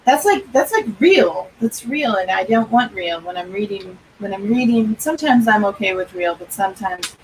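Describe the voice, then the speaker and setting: A woman's voice: mid-range voice, animated, moderate pace, recorded from a distance, rough recording. Woman, livestream host, casual chat, reads comments aloud, faint background hiss.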